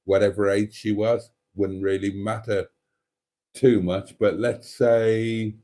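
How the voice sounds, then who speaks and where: A middle-aged man hosts a casual live stream, reading viewer comments aloud between rambling, self-interrupting asides. His voice is mellow and a little congested, and he keeps trailing off into tangents as he chats. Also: on the low side, flat delivery, takes it slowly. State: a bit congested with mucus.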